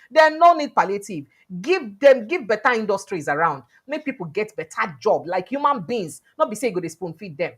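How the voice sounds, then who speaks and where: A Nigerian woman hosting a news vlog, commenting on politics in pidgin and English with animated quoting. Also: medium pitch, breathy edge. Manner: animated, switches between pidgin and English, quotes people in lively voices. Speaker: news vlogger host. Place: indoors, livestream studio.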